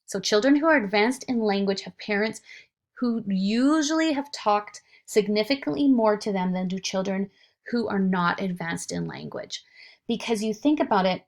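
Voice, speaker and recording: A woman instructor talks through a recorded lecture in a chatty, unscripted way. Her voice sits at a middle pitch, and she slips easily into playful sing-song examples. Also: moderate pace.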